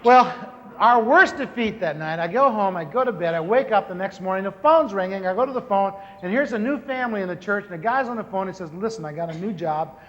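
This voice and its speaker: A man's voice: high voice, expressive, fairly quick, a bit bright. A man in his sixties preaching a personal testimony, storytelling with self-mocking humor and acting out his own prayers. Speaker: pastor. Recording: lo-fi hall recording with faint hiss.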